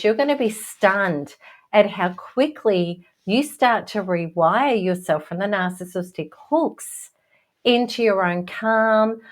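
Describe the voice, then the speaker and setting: Middle-aged female host, earnest and reassuring, scripted self-help talk, mid-range voice. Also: mid-range voice. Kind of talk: scripted motivational talk to camera.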